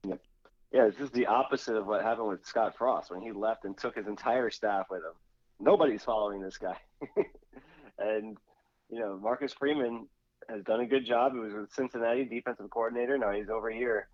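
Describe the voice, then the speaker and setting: A man's voice: fairly low pitch, fairly quick, no echo, dull audio. A man co-hosting a casual sports podcast, laughing often as he tells his stories. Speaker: podcast co-host.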